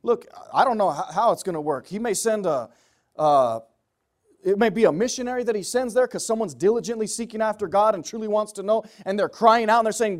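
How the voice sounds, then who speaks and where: A man preaching a sermon, emphatic, swinging from loud pleading passages to low quiet asides. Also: brisk.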